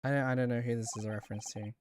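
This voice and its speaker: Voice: mid-range voice, steady tone, racing, darkish tone, slight background noise. A streamer making casual, self-mocking asides while playing a game. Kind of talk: casual gameplay commentary.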